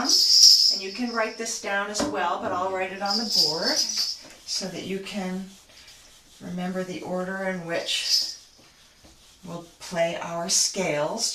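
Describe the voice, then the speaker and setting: A woman's voice: mid-range voice, very noisy. A woman teaching a frame drum class over a video call, patient and chatty, thinking aloud as she explains. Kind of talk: online drum lesson. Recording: roomy, distant, loud drumming behind.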